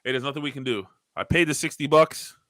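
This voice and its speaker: A man co-hosting a casual podcast, telling animated stories and swearing freely. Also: medium pitch, quick pace, no room sound. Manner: animated storyteller, swears freely, acts out arguments loudly. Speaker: podcast co-host. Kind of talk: casual chat.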